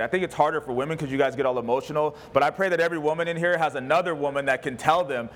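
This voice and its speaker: A pastor preaching a conversational sermon with emphatic, humorous delivery. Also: male voice, on the high side, rapid-fire, hardly any pauses, a little hiss or hum.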